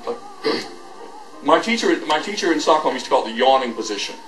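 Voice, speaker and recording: A man's voice: mid-range voice, sing-song, fairly quick, fairly bright tone, faint music behind. A man leading a voice master class, joking with students and demonstrating with his voice. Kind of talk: teaching a class. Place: school hall. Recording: echoey hall, recorded from far off.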